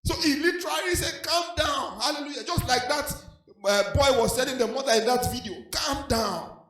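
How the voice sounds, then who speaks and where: A man's voice: very high voice, a little fast, fairly bright tone. A man preaching a sermon as pastor, in a sing-song cadence sprinkled with hallelujahs. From Nigeria. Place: church hall. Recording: echoey church hall with faint music.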